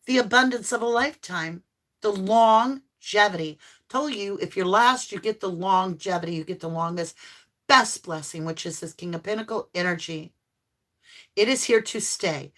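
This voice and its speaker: A woman with a slightly low yet somewhat bright voice conducts a live tarot reading. She addresses viewers in an effusive, encouraging manner, full of exclamations.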